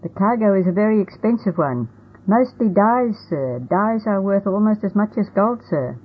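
A polite, deferential sailor addresses his superior with care, as a woman reads him. The voice is husky and raised above the reader's usual pitch. The recording is thin and phone-like. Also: animated, normal speed. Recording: tinny phone-like audio.

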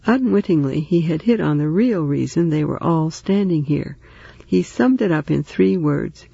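A man reading a story aloud in steady, even narration. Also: a little high, moderate pace, vocal fry, husky, no room sound, lo-fi sound. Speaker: audiobook narrator. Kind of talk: scripted narration.

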